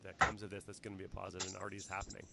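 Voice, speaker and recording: A Canadian man hosting a casual livestream interview, talking in quick, rambling, earnest bursts. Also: deep voice, monotone, gravelly, bright, forceful tone. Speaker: host.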